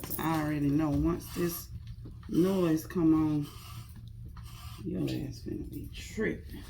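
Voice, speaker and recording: A woman talks casually to her phone camera at home, easy and slangy. Her voice sits low, with a gravelly edge of fry in it. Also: fairly even intonation, slow pace, background noise. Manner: chatty, coaxing, slangy. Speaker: pet vlogger. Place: home, indoors.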